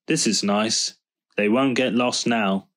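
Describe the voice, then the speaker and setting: A man voicing a gentle, prim old female car in a storybook reading, with a fussy, easily shocked manner. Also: lowish voice, slow.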